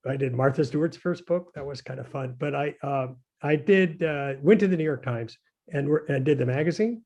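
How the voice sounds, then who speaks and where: A man's voice: on the high side, a little fast, darkish tone. An older man, a designer, chatting casually and telling anecdotes in a hesitant, rambling way with many fillers and chuckles. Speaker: guest, designer. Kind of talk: casual conversation.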